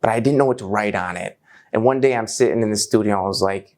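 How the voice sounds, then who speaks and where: Animated young man telling a story. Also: on the low side, fast. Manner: animated, slangy, lots of "like" and "bro". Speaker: musician and guest. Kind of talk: casual storytelling chat.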